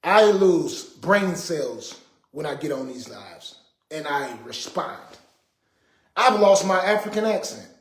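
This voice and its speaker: A man's voice: on the high side, expressive, takes it slowly. A man hosting a casual livestream, talking in an exasperated, preachy way to his viewers. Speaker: livestream host. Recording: roomy echo.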